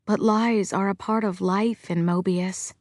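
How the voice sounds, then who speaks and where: A woman's voice: mid-range voice, fairly even intonation, a little slow, darkish tone, no room sound, clean studio sound. A woman narrating an audiobook in the first person, earnest and reflective.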